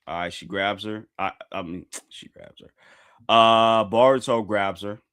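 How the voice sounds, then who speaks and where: A man streaming a live reaction to a manga chapter, talking casually to his viewers and bursting into loud, repeated exclamations. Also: fairly low pitch, fairly even intonation, measured pace, clean tone. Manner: casual slangy talk addressed to viewers.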